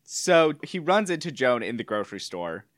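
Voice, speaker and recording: A man's voice: mid-range voice, very animated, moderate pace, no room sound. A man hosting a casual film discussion, talking loosely with lots of "like" fillers. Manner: chatty, loose, many "like" fillers.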